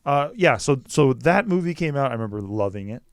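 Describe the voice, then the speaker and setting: A man in his thirties talking movies in casual podcast chat, animated and swearing freely, often breaking into mock quotes. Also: medium pitch, brisk, dry recording, clean studio sound. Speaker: podcast guest, Batman historian.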